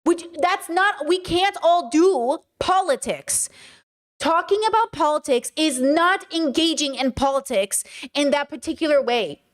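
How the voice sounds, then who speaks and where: High-pitched speaker, emphatic and profane, lecturing the audience, livestream monologue, reacting to chat. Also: unhurried. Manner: reads and answers chat comments. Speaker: livestream host.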